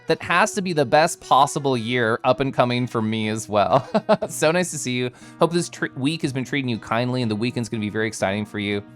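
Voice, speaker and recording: Lively, giggly male streamer. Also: medium pitch. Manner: animated and giggly, greeting chatters by name. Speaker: live streamer. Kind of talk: casual chat reading viewer messages.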